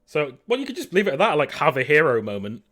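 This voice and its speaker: A man's voice: a little high, huge pitch swings, fast, fairly bright tone. Chatty male game master on voice chat. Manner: upbeat, chatty, laughs often. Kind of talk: running a tabletop game over voice chat.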